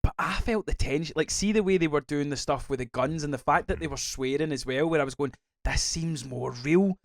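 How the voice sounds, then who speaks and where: A Scottish man co-hosting a casual podcast chat, rambling and animated, swearing freely. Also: on the high side, quick pace, no room sound, studio quality. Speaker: podcast co-host.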